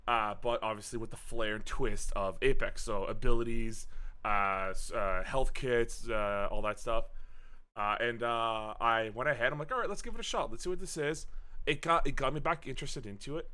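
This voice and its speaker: A man co-hosting a casual gaming podcast, talking in an animated way, swearing freely and filling his talk with "uh" and restarts. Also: medium pitch, normal speed. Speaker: podcast co-host.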